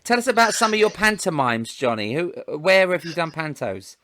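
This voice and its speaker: A man's voice: fairly high pitch, very animated, normal speed, sharp tone. A man hosting a podcast interview, joking with his guest and affirming what he says. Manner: jokey, affirming, laughs along. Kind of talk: casual interview chat.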